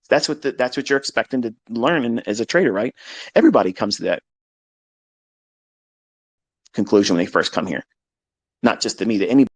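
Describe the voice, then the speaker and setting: A man's voice: mid-range voice, expressive, quick pace, dry recording. A middle-aged man, a trading mentor, talking in a blunt, profane and passionate way during a live audio chat. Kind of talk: unscripted live audio talk.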